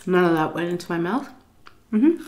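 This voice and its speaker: Young woman, storytime vlogger, lowish voice, animated, cusses freely. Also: normal speed, a little hiss or hum. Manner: animated, swearing, acts out quotes loudly. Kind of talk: casual storytelling.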